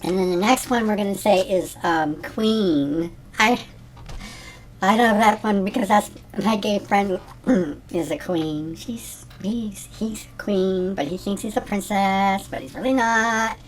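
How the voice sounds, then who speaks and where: Man doing a ditzy middle-aged woman, rambling, giggly, slow-talking, comedy sketch. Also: high-pitched. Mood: airy rambling. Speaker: comedy character host. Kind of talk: scripted character comedy monologue.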